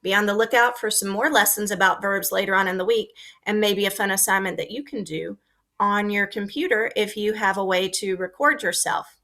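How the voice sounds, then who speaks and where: A woman teacher giving a recorded lesson to young children, speaking slowly and clearly and acting out her example sentences with lots of expression. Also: medium pitch, pushed and bright.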